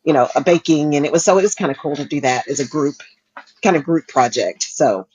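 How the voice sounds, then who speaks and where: A woman's voice: low voice, brisk, a little mellow, breathy edge, no room sound, rough recording. A woman co-hosting a talk show, chatting casually and laughing often as she talks. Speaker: podcast co-host. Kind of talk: casual chat.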